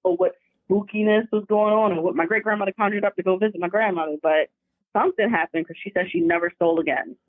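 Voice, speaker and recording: A woman caller telling family ghost stories in a chatty, animated, slangy way over the phone. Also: mid-range voice, fast talker, no room sound. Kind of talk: casual storytelling over the phone. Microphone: phone call. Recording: dry tinny phone line.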